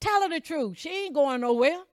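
A woman's voice: expressive, normal speed, no room sound. Fiery preaching woman, dry close sound. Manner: impassioned preaching, swings from loud calls to low asides; reads scripture aloud and comments between verses. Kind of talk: sermon.

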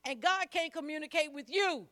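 High bright-voiced woman preaching. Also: moderate pace. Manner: emphatic, repeats phrases, calls on the congregation to respond. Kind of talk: sermon.

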